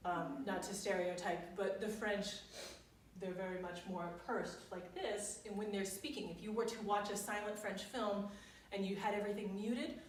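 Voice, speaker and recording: A woman's voice: mid-range voice, steady tone, normal speed, recorded from a distance. A woman voice teacher giving a master class, coaching diction in a chatty way with frequent laughter. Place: voice studio. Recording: echoey room, recorded from afar, faint noise.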